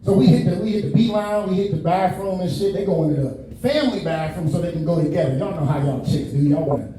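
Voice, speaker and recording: A man's voice: sits high, fast, warm tone. A man hosting a podcast, telling loose, profane comedic stories and laughing through them. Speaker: podcast host. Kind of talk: casual comedic storytelling. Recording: very echoey room, distant mic, crowd noise.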